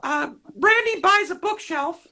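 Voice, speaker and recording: A man's voice: very high-pitched, expressive, unhurried, over a noisy crowd, exaggerated voice. A man voicing a cheerful toilet paper roll puppet who hosts a comedic talk show and asks eager questions with corny puns. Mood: chipper. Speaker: host.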